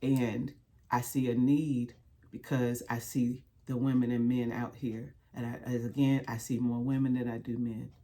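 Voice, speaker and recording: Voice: mid-range voice, flat delivery, normal speed, dark tone. A speaker with a mid-range voice talks straight to the camera about hard experience. The delivery is earnest and plainly colloquial. It builds through repeated phrases in a preacher-like rhythm. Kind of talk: heartfelt direct-to-camera talk.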